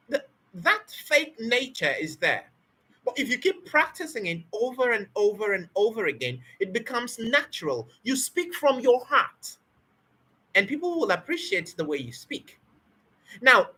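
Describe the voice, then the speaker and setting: A woman with a bright, fairly high voice gives an emphatic spoken-English lesson. Her pitch swings widely as she drills key words and throws out rhetorical questions. Her tone is slightly breathy. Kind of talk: motivational teaching talk.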